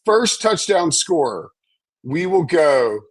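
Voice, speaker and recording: Husky-voiced man talking bets. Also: fairly high pitch, sing-song, takes it slowly, no room sound. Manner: rambling, hesitant, lots of fillers and restarts. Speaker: sports betting analyst. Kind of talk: casual live-stream betting chat.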